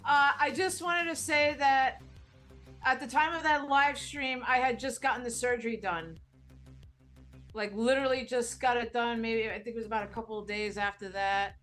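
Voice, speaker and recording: A woman's voice: fairly high pitch, fairly even intonation, normal speed, a bit bright, soft background music. A woman speaking sincerely and gratefully as a guest on a casual live stream. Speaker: host's girlfriend, guest.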